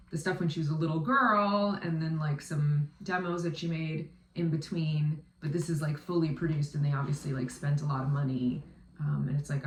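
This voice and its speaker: A woman's voice: sits low, a little hiss or hum. A woman in her thirties, a vocal coach, chatting casually as she reacts to a music video, with lots of ums and likes. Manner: chatty, filler-heavy with frequent um and like. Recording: roomy echo, off-mic distance.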